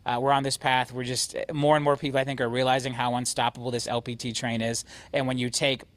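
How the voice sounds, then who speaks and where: A man leading a company, giving an energetic, emphatic motivational talk to his agents. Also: mid-range voice, quick pace, dry recording. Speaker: real estate brokerage CEO.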